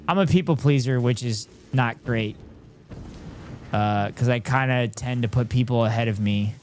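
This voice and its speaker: Male streamer in his thirties, mid-pitched, loose and chatty, joking at his own expense. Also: moderate pace, soft background music. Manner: chatty, reads chat aloud, self-deprecating. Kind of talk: casual live-stream chat.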